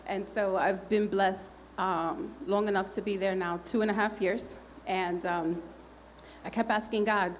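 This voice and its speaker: A woman's voice: mid-range voice, a little slow, slight background noise. A woman telling a candid, humorous personal testimony to a congregation, chatting loosely and acting out what people said. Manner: conversational, with frequent fillers. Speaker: church member giving testimony.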